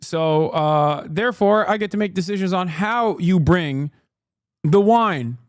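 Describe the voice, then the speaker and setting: A snooty, entitled busybody of a customer, nitpicking in a high, mocking put-on voice, as a man sends him up. The sound is dry and close. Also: a little slow, dry recording.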